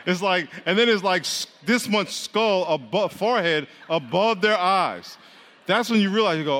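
Male pastor, slightly high voice, chatty and joking sermon delivery, long hall reverb. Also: expressive, moderate pace. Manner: conversational, joking with the congregation, swings from quiet to loud.

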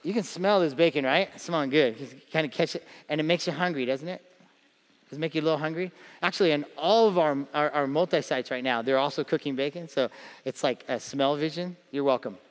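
A man's voice: fairly high pitch, brisk, big-room sound. A man in his thirties preaching a sermon as pastor, telling stories with humor and acting out voices. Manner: animated storytelling with acted-out voices and humor.

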